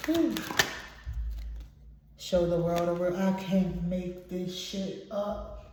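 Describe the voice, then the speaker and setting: A woman's voice: lowish voice, fairly even intonation, takes it slowly, mellow, slight background noise. Woman tarot reader in a very echoey room. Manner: emphatic, preachy, swears casually. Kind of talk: channeled tarot reading to viewers.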